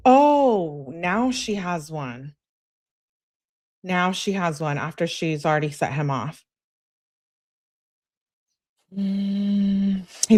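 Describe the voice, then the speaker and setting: A woman's voice: deep voice, darkish tone, dry recording, clean studio sound. A woman giving casual true crime commentary in a blunt, sarcastic way, reading out text messages.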